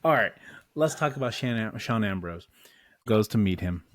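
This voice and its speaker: A man's voice: fairly low pitch, lively intonation, normal speed, no echo. A man co-hosting a casual movie discussion podcast, playful and full of slang, laughing often. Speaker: podcast co-host.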